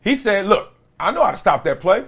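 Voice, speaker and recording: Young adult man, podcast host, casual slangy sports chat with lots of laughs and lively pitch. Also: fairly quick, breathy edge. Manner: animated, slangy, laughs between jokes.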